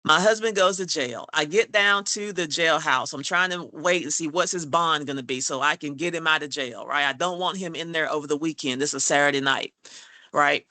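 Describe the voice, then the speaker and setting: A woman from Georgia tells a personal account in an emphatic, earnest, conversational way. Her voice is bright and forceful. The sound is dry and close, with no room echo. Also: sits low. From Georgia, USA. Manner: emphatic, earnest, often checks in with "right?". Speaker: guest telling her story.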